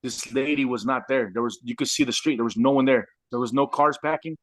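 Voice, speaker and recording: A man from Southern California tells his life story in casual, animated speech, dropping "bro" every few words. His voice sits at an ordinary middle pitch. The recording is dry and close, with no room sound. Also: fairly quick, dry recording. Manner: animated, says "bro" constantly. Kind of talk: casual storytelling with street slang.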